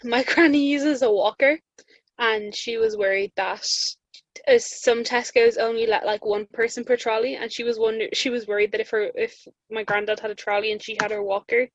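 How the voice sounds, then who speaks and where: This young Irish woman, co-hosting a podcast, has a fairly high voice with fairly even intonation at a normal speed. She's a chatty storyteller who laughs often and acts out quotes, heard on muffled podcast audio with no room sound.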